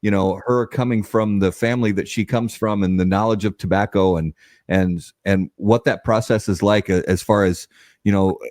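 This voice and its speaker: A man's voice: on the low side, a little mellow, dry recording, studio quality. A male host asking a long, rambling question in a casual interview. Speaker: show host.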